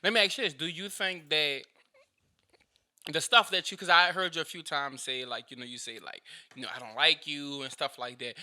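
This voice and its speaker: A man hosting a casual podcast, asking questions and rambling through animated restarts. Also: fairly high pitch. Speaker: podcast host.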